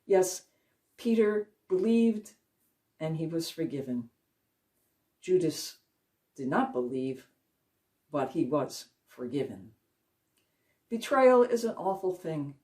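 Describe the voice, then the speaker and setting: A woman giving a Christian devotional talk, retelling a Bible story in an earnest way and slowing down to stress key moments. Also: low voice, big pitch swings, dark tone. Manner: earnest retelling, slows for emphasis. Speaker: Christian speaker. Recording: voice a little distant from the mic.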